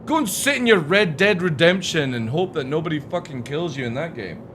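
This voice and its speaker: A man's voice: a little high, lively intonation, fairly quick, noisy background. A young man streaming, ranting about video games in a profane, exasperated way. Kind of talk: ranting gaming stream talk.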